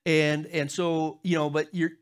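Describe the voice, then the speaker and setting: A middle-aged man preaching a sermon as pastor, telling funny stories to the congregation and jumping into high voices when he acts out other people. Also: measured pace, clear, resonant tone. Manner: humorous storytelling, talks to the crowd; animated, jumps into high squeaky voices when acting out others.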